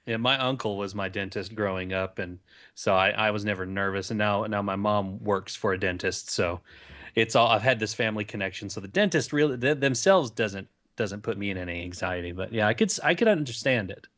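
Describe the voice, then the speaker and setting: Easygoing man with a lowish voice. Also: fairly quick, fairly bright tone. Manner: easygoing, many "you know" fillers. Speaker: podcast co-host. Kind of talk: casual chat.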